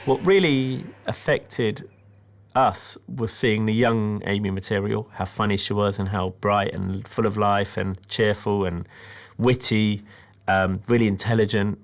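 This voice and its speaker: A man from Britain, a film director, calmly explaining how he made his documentary in a reflective, measured way. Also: on the low side. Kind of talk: interview about his documentary.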